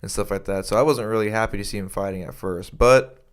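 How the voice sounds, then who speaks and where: A man's voice: on the low side, fast talker. A young man co-hosting a podcast in casual chat, rambling with lots of restarts and swearing freely. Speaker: podcast co-host.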